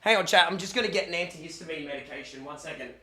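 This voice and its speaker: A young Australian man with a bright, forceful voice that sits a little high, talking casually to his stream chat. He jokes around and thanks people for subs, and he sounds a bit sniffly from hay fever. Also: racing. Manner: chatty, joking, reads chat aloud. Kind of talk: casual livestream chat with viewers.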